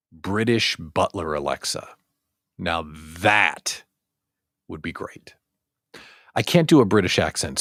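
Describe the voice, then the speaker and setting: A male host of a daily livestream talk show who speaks in an animated, joking way. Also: sits low, no echo, studio quality.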